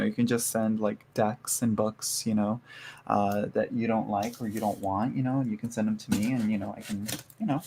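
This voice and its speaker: A man talks loosely to his viewers while he unpacks a parcel, with frequent fillers and quick asides. His voice sits in a middle pitch. A faint hum of room noise runs under it. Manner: chatty, rambling, lots of fillers and laughs. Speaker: tarot reader unboxing a haul. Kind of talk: casual chat to live viewers.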